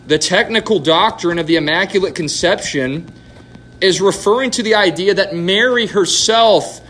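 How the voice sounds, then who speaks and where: A man's voice: high-pitched, fairly bright tone, a little hiss or hum. A man leading a church question-and-answer night, teaching from scripture in an emphatic way and putting questions to the audience. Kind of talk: Bible teaching Q&A. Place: church hall.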